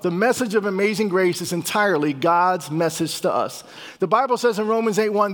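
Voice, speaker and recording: Fervent high-voiced preacher in a reverberant hall. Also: male voice. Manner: fervent, repetitive, emphatic storytelling. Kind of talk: sermon with personal testimony.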